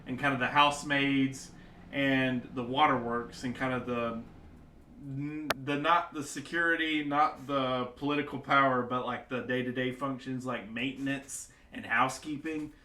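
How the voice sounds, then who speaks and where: Casual game master, echoey room. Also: male voice, medium pitch, sharp tone, slight background noise. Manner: casual, full of fillers and asides. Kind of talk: narrating a tabletop game. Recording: echoey home setup.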